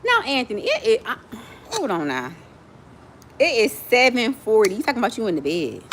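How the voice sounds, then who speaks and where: A woman of forty from Miami, chatting fast and playfully with viewers as host of her own livestream. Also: fairly high pitch, huge pitch swings, a bit bright, slight background noise. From Miami, USA. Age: 40s. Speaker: livestream host, nonprofit founder. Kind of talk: casual livestream chat with viewers.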